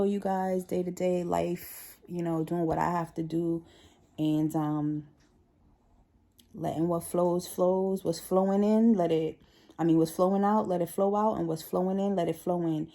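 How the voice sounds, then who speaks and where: A woman vlogger tells stories in a chatty, casual way, animatedly acting out what her coworkers said. Her voice is fairly low and creaky, and she speaks a little slowly.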